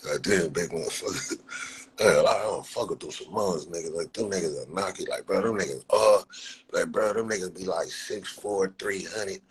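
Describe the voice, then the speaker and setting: A man's voice: low-pitched, moderate pace, slight background noise, rough recording. A young man talking loosely on a phone livestream, full of street slang and profanity and breaking into laughter often. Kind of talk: casual livestream chat.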